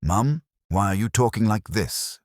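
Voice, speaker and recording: A man playing a shouting, spoiled grown son in a storybook. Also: on the low side, lively intonation, measured pace, dry recording, clean studio sound, voice pushed up. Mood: angry. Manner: shouting, demanding.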